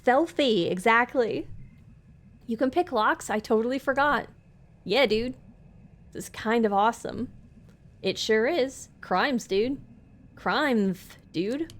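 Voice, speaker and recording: A woman's voice: on the high side, measured pace, long pauses. A woman streamer playing a game live, reading its dialogue aloud between chatty asides to her viewers at a desk mic. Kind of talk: live let's play commentary.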